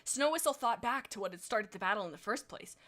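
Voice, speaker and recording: A woman streamer reading fan fiction aloud, breaking off often for excitable, laughing commentary. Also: fairly high pitch, fast.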